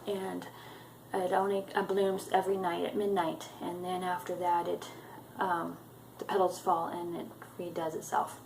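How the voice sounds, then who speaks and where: A woman's voice: fairly low pitch, little pitch movement, unhurried, creaky, a little mellow, a little hiss or hum, poor audio. A woman casually retelling a book chapter for her viewers, hesitant and full of ums and uhs. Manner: hesitant, many ums and uhs, loosely strung sentences. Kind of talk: casual spoken book recap.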